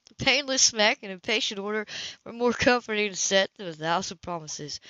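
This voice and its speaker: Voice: mid-range voice, animated, fairly quick, sharp tone, no echo. An amateur audiobook reader who stumbles over words and chuckles at the text while reading, in a dull lo-fi recording.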